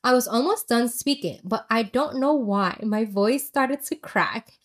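A woman's voice: fairly high pitch, expressive, measured pace. Chatty young woman telling a story. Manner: chatty and candid, with many "like" fillers. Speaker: vlogger telling a personal story. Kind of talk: casual confessional storytelling.

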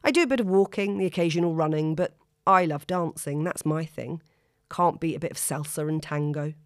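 A woman's voice: low-pitched, fairly quick, no room sound, studio quality, lightly acted. A woman reading aloud and voicing a confident, frank female lawyer. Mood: breezy. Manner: relaxed, frank.

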